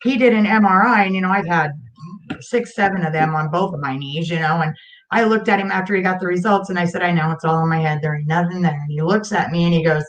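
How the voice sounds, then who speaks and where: A woman's voice: lowish voice, fast. A woman in her forties chatting as a guest, telling stories in a frank, emphatic way. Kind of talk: casual chat.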